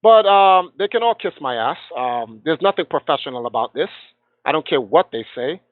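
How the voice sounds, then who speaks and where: A man's voice: on the high side, animated, normal speed, dry recording. A man with a somewhat raised voice tells a heated story with passion. He slips into the voices of the people he quotes. He comes through a thin, tinny phone line with no room sound around him. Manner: passionate, acts out quoted dialogue. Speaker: guest gamer.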